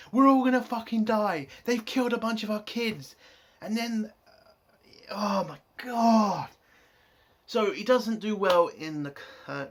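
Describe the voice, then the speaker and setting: Fed-up male reviewer, sweary and sarcastic, sitting slightly high in pitch, ranting about a show. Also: fairly bright tone.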